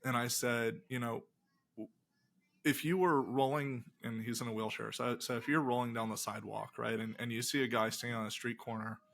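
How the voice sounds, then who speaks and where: Speaking a little fast in a creaky, medium-pitched voice, a middle-aged pastor and game designer recounts stories in a relaxed interview. He brings them to life by voicing the quoted dialogue himself.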